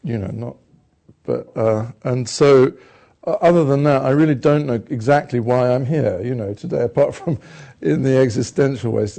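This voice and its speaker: An older British man, an actor from England, telling rambling, self-deprecating stories in a relaxed conversation. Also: medium pitch, gravelly, breathy edge. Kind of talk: conversational storytelling.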